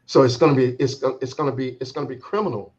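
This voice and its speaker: A man working as a transformation coach, telling a personal story in a reflective, halting way, restarting phrases as he searches for words. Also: medium pitch, fairly even intonation, darkish tone, slightly rough. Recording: slightly dull, muffled sound.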